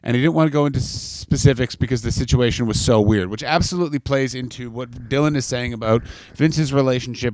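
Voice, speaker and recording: A man's voice: medium pitch, darkish tone, dry recording. A man co-hosting a podcast in casual chat, swearing freely and riffing into mock announcements. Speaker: podcast co-host.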